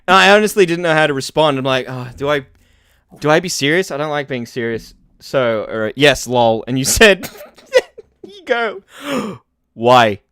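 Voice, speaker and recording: Guy hosting a podcast, kinda high voice, rambly and laughy, dry mic. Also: expressive, moderate pace, pushed and bright, clear, resonant tone, no room sound. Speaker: podcast host. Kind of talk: casual chat. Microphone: home desk mic over voice chat.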